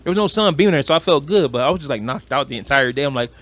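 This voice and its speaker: Fast-talking animated young man. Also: medium pitch. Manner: animated, ranting, acts out quoted coworkers. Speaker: podcast co-host. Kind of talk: casual podcast chat.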